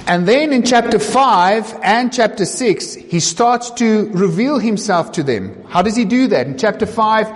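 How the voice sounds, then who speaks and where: A man's voice: sits high, lively intonation, unhurried, hardly any pauses, in a large hall. A man preaching a sermon, retelling a story dramatically, voicing the people in it and asking the listeners rhetorical questions.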